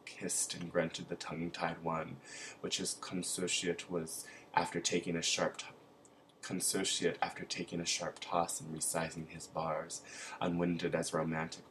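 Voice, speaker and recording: A man reading a literary text aloud in a steady, deliberate way. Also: sits low, a little hiss or hum, poor audio. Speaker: reader.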